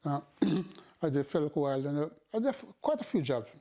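A man's voice: on the high side, big pitch swings, normal speed, mellow. An older man telling plainly, matter-of-fact, about his early factory jobs in a documentary interview.

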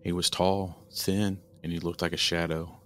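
A man narrating a first-person horror story in a steady, earnest storytelling manner. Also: low-pitched, moderate pace, faint music behind.

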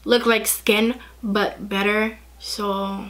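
A young woman chatting excitedly through a casual makeup tutorial, gushing over the products. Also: mid-range voice, very slow. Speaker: beauty vlogger.

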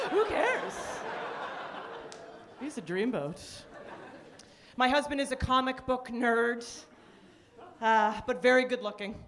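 Canadian woman doing stand-up, dry deadpan delivery, higher voice, live club audio with clear crowd laughs. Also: measured pace, long pauses, background noise. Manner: dry, deadpan delivery with sudden high-pitched outbursts. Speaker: stand-up comedian. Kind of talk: stand-up comedy set. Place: comedy club stage. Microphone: handheld stage mic. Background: audience laughter.

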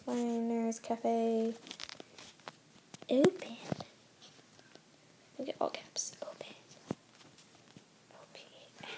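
Casting: higher-pitched woman gamer, mellow tone, rambling running commentary, voice worn and soft. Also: a little hiss or hum. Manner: chatty, rambling, thinking aloud while building. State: losing her voice, soft. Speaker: gameplay channel host. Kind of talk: casual gameplay commentary.

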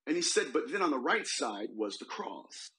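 A man, a demonologist guest in a podcast interview, telling a case story in an animated way and quoting the people in it. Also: mid-range voice, normal speed, low-quality recording. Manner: animated, retells a case with quoted voices.

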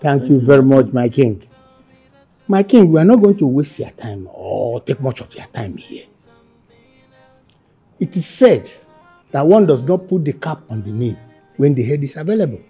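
A man's voice: on the high side, sing-song, a little fast, breathy edge, exaggerated voice. An actor with a Nigerian accent playing a deferential elder who speaks in proverbs to a king. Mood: formal. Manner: formal and deferential. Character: respectful elder asking for a bride, proverb-quoting. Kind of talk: Nollywood film acting. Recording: dull film audio with music.

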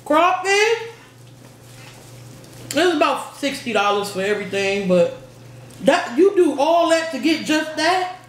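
A young woman with a fairly high voice hosts an eating vlog, chatting playfully with friends and punctuating everything with a laugh. The room is echoey and a low hiss of noise sits under her voice. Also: big pitch swings, unhurried, pauses often. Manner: playful, laughing, says "period" often. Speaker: mukbang vlog host. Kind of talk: casual chat while eating.

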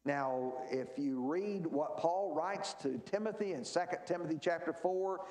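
A man's voice: fairly high pitch, measured pace, darkish tone, roomy sound. Emphatic man teaching a church Bible class. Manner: emphatic, asks and answers his own questions.

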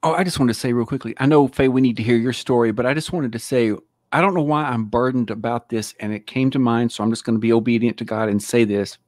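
Brief: male host, mid-pitch, earnest pastoral tone, dry close recording. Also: fast, a little mellow, dry recording. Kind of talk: faith talk show.

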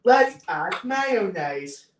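A woman streaming and chatting casually, breaking into excitable, hysterical shouting. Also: medium pitch, very slow, far from the mic. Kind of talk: casual live-stream commentary. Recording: roomy echo, faint noise.

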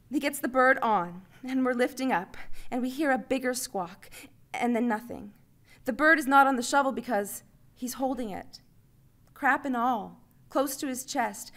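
A woman reads her own story aloud with lively, expressive narration. Her voice is bright and a little high. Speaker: writer reading her story. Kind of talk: live story reading.

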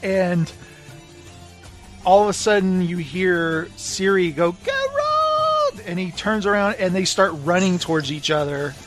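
A man co-hosting a podcast, casually recapping a book and acting out the lines in quick voices. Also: high-pitched, faint music behind. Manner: animated retelling with quoted voices. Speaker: podcast co-host.

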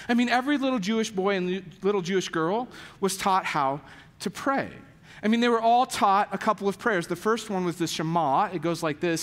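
A man's voice: high-pitched, big-room sound. A man preaching a sermon as pastor, telling stories in a casual way and acting out the people in them. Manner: animated storytelling with voiced quotes, many "like" fillers. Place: church sanctuary.

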